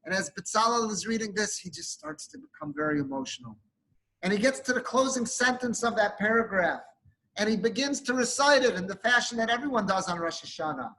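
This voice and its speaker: High, bright-voiced rabbi telling a story. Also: male voice, animated, fairly quick, rough recording. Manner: emotive storytelling, sprinkled with Hebrew and Yiddish terms. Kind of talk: sermon storytelling.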